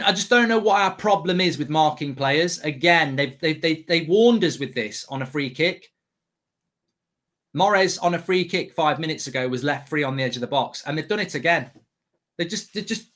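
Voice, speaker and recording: A frustrated man picks apart his team's marking in a live football reaction. His voice is fairly high, and he stammers as he restarts sentences. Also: expressive, moderate pace, bright, forceful tone. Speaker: fan reacting to a match.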